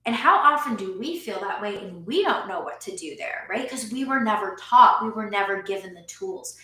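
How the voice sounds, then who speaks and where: A woman's voice: mid-range voice, lively intonation, moderate pace, bright, forceful tone, roomy sound, low-quality recording. A woman in her thirties, a parent coach, explaining earnestly in a talking-head vlog and often breaking into short laughs.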